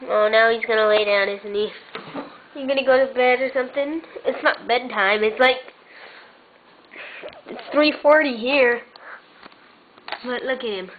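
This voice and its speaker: A woman's voice: a little high, measured pace, pauses often. A woman filming her cat at home, coaxing it and calling it in a meowing baby voice. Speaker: vlogger. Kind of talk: casual home video talking to a cat. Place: at home indoors. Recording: tinny lo-fi camera audio with faint hiss.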